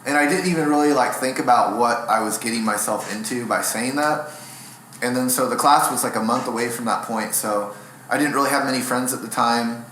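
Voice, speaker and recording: A man's voice: medium pitch, a little fast, a bit bright, slight background noise. A young adult man, a stand-up comedian and guest in an interview, telling rambling, self-deprecating stories in a casual way. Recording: echoey room.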